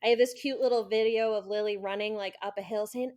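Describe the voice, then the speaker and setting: A woman's voice: medium pitch, steady tone, fast talker, a little mellow. A woman runner who is a guest on a podcast, telling stories in casual chat with frequent ums. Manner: chatty storyteller with frequent ums and laughs.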